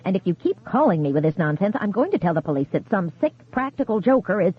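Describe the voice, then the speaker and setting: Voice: medium pitch, sing-song, quick pace. A narrator voicing a frail old widow, weak and quavery, frightened and angry. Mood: angry, panicked. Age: older. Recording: tinny phone-like sound.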